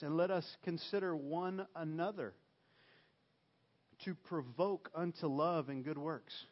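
Male pastor, fairly high voice, relaxed conversational sermon, muffled lo-fi sound. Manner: conversational preaching, checks in with listeners with "okay?".

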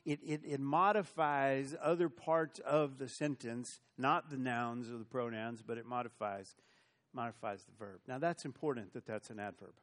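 A man's voice: mid-range voice, normal speed, fairly bright tone. A male pastor preaching an earnest sermon, stumbling over repeated restarts and adding wry asides. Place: church.

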